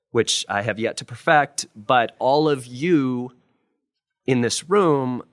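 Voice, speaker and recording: A man's voice: medium pitch, dry recording, clean studio sound. A man, a criminal defense lawyer, talking casually and with self-deprecating humor on a live panel in front of law students. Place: law school lecture room with student audience.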